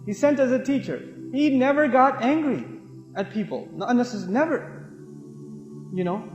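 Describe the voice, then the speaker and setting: A man preaching in a lively, humorous way, telling stories and swinging between loud and soft delivery. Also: very high voice, moderate pace, roomy sound, long reverb tail, dull audio, soft background music. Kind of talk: lively religious talk.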